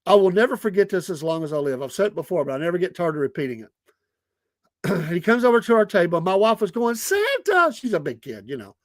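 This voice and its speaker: This podcast host, a middle-aged man with a Southern drawl and a slightly high voice, talks at a quick pace while spinning relaxed, chatty stories. Laughter and small acted-out voices pop up often, and the close-miked sound has no echo.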